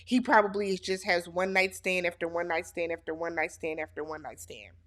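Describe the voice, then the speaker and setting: A woman's voice: lowish voice, fairly quick, fairly bright tone. A woman hosting a casual reality show recap, sassy and speaking straight to the cast as if they could hear her.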